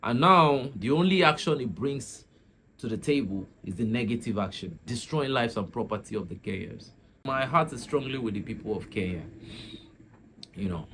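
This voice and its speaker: Male channel host from Nigeria, casual chatty commentary, animated delivery, laughs a lot. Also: mid-range voice, normal speed, a little hiss or hum. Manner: chatty, laughs often, repeats words.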